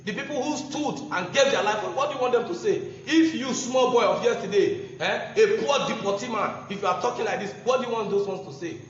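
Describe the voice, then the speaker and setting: High-voiced Nigerian man in a booming, echoey hall. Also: brisk, few pauses, slight background noise. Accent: Nigerian English. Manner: combative, mocking, chuckling. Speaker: political campaigner. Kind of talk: impassioned political speech. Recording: muffled echoey hall recording.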